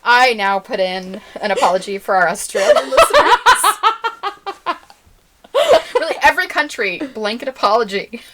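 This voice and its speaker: A woman's voice: a little high, lively intonation, a little slow, long pauses, very noisy. Dry, teasing American woman. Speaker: podcast co-host. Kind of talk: casual chat.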